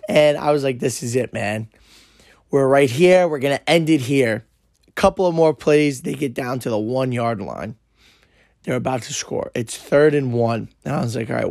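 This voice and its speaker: A man hosting a podcast, excitedly recounting a football game in casual, swearing speech full of fillers, his voice worn from shouting. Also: medium pitch, no room sound, clean studio sound. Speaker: podcast host. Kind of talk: casual storytelling.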